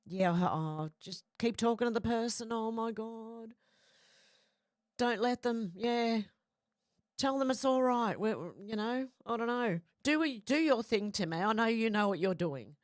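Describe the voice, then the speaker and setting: A woman's voice: fairly high pitch, expressive, a little slow, dry recording, studio quality. A woman who has a cold and a runny nose, chatting casually on a livestream and reading out viewer comments with frequent apologies.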